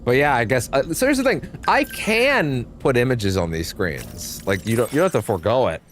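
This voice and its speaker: A man's voice: mid-range voice, big pitch swings, moderate pace, soft background music. A young man giving casual, rambling commentary while streaming a game, swearing offhandedly.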